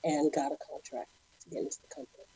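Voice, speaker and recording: Dark-voiced woman telling stories. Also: sits low, quick pace, creaky, breathy edge, rough recording. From Houston, Texas. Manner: animated storyteller, acts out quoted voices. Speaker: guest, former principal ballerina. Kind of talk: storytelling interview.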